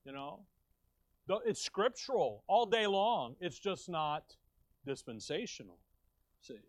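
A man's voice: high voice, animated, takes it slowly, no echo. A middle-aged man preaching a sermon as pastor, emphatic, asking rhetorical questions and tossing in casual asides. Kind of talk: expository sermon. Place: church.

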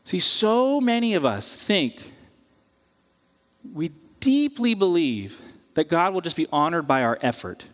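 High-voiced male pastor in a reverberant hall. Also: measured pace. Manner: casual and animated, acts out quoted voices, many "like"s. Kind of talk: conversational sermon.

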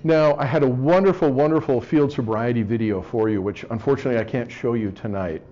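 A man giving a wry, joking lecture to a live audience, often clearing his throat. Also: mid-range voice, a little fast, mellow. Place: room with an audience. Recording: slightly dull lo-fi recording.

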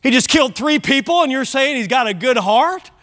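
A man preaching a sermon as pastor, driving points home with shouted emphasis and rhetorical questions. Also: very high voice, expressive, brisk.

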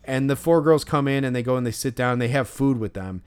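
A man's voice: mid-range voice, fast talker, clear, resonant tone. A young man and podcast co-host telling a long, profane, ranting story in casual chat.

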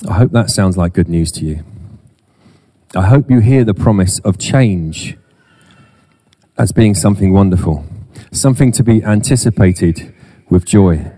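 A man's voice: low-pitched, measured pace, pauses often, dark tone. A middle-aged man preaching a sermon in church, with humorous self-deprecating asides. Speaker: pastor.

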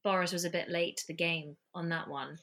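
A woman's voice: on the low side, a little fast. A woman with an English accent, an actor chatting as a podcast guest, telling stories with lots of fillers over a remote call. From England. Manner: chatty, animated storytelling with many fillers. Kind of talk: casual chat. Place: home in London.

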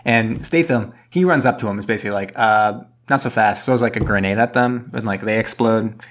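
A man's voice: on the low side, fairly bright tone. A rambling man recapping a movie. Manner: rambling, retells plot with quick impressions. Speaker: podcast co-host. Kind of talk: casual movie recap chat.

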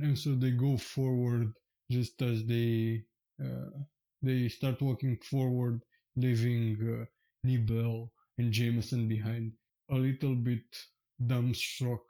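A man narrating a tabletop game as game master, with many "uh" pauses. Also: medium pitch, level tone, mellow, rough recording.

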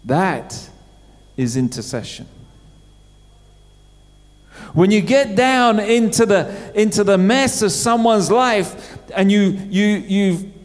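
A middle-aged man preaching a sermon in church, talking in a conversational way and putting questions to the congregation. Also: sits high. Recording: church hall with long reverb.

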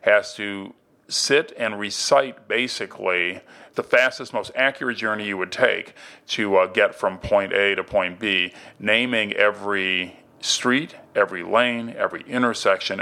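A man's voice: on the low side, gravelly, bright, forceful tone. A man co-hosting a design podcast, talking in a casual, enthusiastic and thoughtful way. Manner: enthusiastic, thoughtful, restarts often. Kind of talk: casual conversation.

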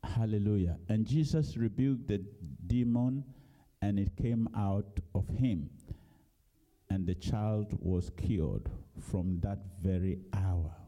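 Speaking slowly, a man delivers a sermon, first reading scripture in a low voice before building into loud, emphatic exhortation.

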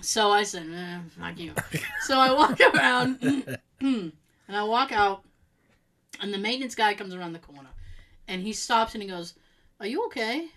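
A woman telling a long story in casual chat, animated and laughing as she acts out what people said. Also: mid-range voice, moderate pace, low-quality recording.

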